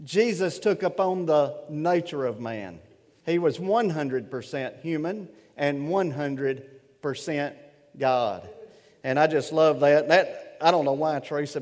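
A man's voice: on the high side, measured pace, long reverb tail. A man preaching a sermon, reading scripture and telling folksy stories. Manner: folksy, animated storyteller. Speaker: pastor. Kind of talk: sermon with storytelling.

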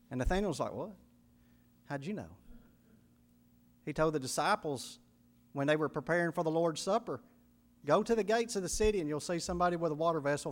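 A man preaching with a fairly high voice that leaps up and down all the time. He builds to loud emphatic peaks, then drops to low hushed asides, and acts out quoted speech and little sound effects. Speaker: pastor. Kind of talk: sermon.

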